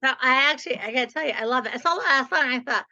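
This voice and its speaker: A woman's voice: high-pitched, racing, sharp tone, highs cut off. A woman in her sixties hosting a podcast interview, chatty and playful, with a lot of "like". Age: 60s. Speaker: podcast host. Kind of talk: casual interview.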